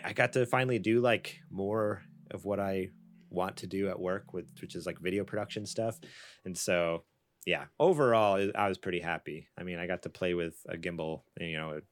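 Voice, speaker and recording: A man hosting a casual gaming podcast, upbeat and quick to laugh, with a lot of fillers. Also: fairly low pitch, fairly bright tone. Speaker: podcast host.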